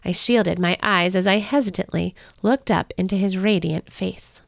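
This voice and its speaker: A woman hosting a podcast, telling a Bible story in the first person in an earnest, expressive way. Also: lowish voice, normal speed, vocal fry, dry recording, studio quality.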